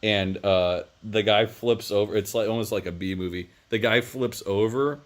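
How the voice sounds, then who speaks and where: Deep-voiced man rambling through a movie review. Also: normal speed. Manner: rambling plot retelling with many fillers.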